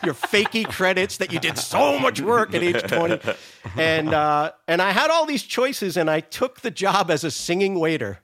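Animated older man telling stories. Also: high-pitched, normal speed, slight background noise. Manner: animated, profane, self-mocking storyteller. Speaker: guest. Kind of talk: casual storytelling.

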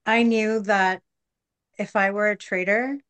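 A woman's voice: mid-range voice, steady tone, a little slow, fairly bright tone, smooth. A woman reality show contestant answering interview questions in a self-deprecating way. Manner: self-deprecating, describes herself as a nervous laugher.

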